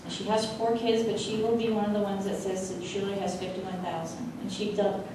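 A woman giving a halting tribute speech at a school board meeting, with many fillers. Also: medium pitch, flat delivery. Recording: echoey hall, mic from far off, noisy.

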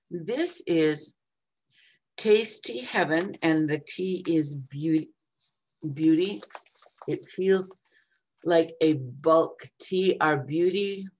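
An older woman in her seventies with a low voice talks at an easy, slow pace. She chats through an unboxing vlog, drifting into little asides and reading labels aloud. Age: 70s. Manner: chatty and meandering, reads product labels aloud. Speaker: vlogger.

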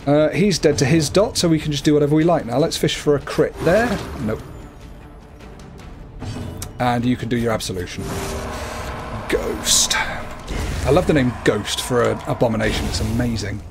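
A gaming livestreamer speaks a little fast with vocal fry, his playful, chatty commentary on the game laid over music. He often shifts into a high coo for his cat.

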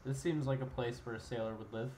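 A young man commentating a game with friends, joking, swearing and breaking into loud outbursts. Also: mid-range voice, steady tone, quick pace, a little hiss or hum. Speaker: let's play commentator. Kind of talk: casual gaming banter.

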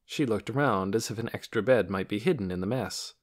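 A man narrating an audiobook chapter in an expressive storytelling manner. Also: brisk. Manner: expressive storytelling with lively pitch. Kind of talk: scripted narration.

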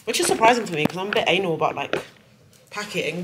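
A woman's voice: medium pitch, animated, fast, distant mic, heavy background noise. Chatty young woman vlogging in an echoey room. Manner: chatty, self-deprecating, talks to viewers while getting ready. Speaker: travel vlogger. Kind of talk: casual vlog chat to camera. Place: hotel room.

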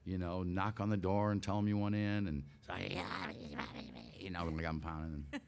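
Older man, lowish voice, animated storyteller who laughs a lot, guest on an interview show. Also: normal speed. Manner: animated, laughs often, re-enacts scenes. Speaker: guest voice actor. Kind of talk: casual anecdotal storytelling.

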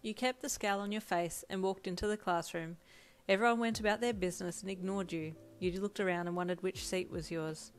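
A woman reading a second-person fanfiction story aloud in an even storytelling manner. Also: medium pitch, a little fast, faint music behind. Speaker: fanfic reader.

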